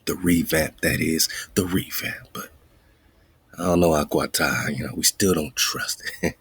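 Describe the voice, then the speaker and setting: Slow, husky, deep-voiced male radio host. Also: fairly bright tone, no echo. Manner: thinks aloud, mutters and whispers asides while searching; slow, drawn-out reading of quoted lines. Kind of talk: casual research talk, looking up words live.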